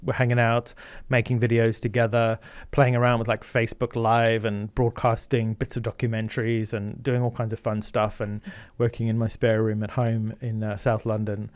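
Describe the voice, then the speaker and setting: A man's voice: lowish voice, little pitch movement, normal speed, few pauses, darkish tone, smooth, no echo. A middle-aged man from Zimbabwe, a guest in an interview who tells stories earnestly with many fillers. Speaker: guest, media founder. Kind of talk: casual interview storytelling.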